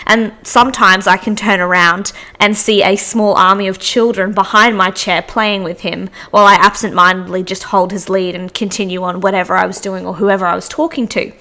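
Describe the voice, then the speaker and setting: A woman's voice: medium pitch, steady tone, brisk, few pauses, bright, forceful tone. A young woman hosting a podcast, chatting through anecdotes with frequent restarts. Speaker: podcast host. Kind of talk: casual storytelling monologue.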